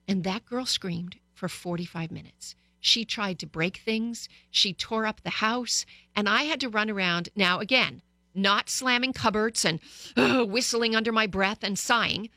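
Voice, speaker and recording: Woman radio host, bright dry studio voice, chatty advice to listeners. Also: medium pitch, measured pace, no room sound. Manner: lively, storytelling, direct to listeners. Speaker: radio talk show host. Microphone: studio microphone.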